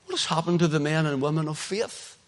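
A man with a Northern Irish accent preaching an impassioned sermon, swinging between loud emphasis and hushed asides. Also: on the high side, brisk. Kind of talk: sermon, streamed online.

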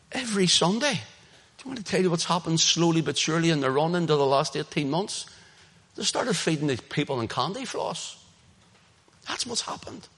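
A man with a Northern Irish accent preaching an impassioned sermon, swinging between loud emphasis and hushed asides. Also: fairly high pitch, breathy edge. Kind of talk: sermon, streamed online.

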